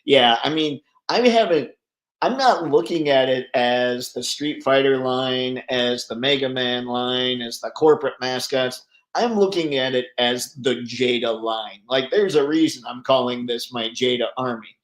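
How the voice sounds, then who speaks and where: Here a man runs a laid-back live chat, reading comments from his viewers and replying with frequent laughter. He speaks at a medium pitch without hurrying, and his voice rings with reverberation.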